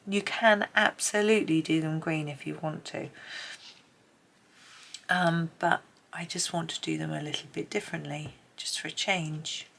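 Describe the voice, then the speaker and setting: Low-voiced british lady chatting away while she colours, bit of vocal fry, faint hiss behind. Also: fairly even intonation, normal speed, rough recording. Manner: chatty, soft-spoken, drifts into murmured asides. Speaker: colouring video creator. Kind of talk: casual narration while colouring.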